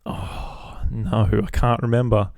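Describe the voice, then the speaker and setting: A man's voice: lowish voice, level tone, slow pace, creaky, darkish tone, no echo, clean studio sound. A young Australian man hosting a solo podcast, rambling casually and swearing freely. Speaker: podcast host.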